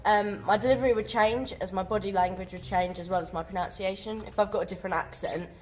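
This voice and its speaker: A woman's voice: mid-range voice, fairly even intonation, quick pace, slight background noise. A woman drama student talking casually in a group discussion, chatty and full of fillers.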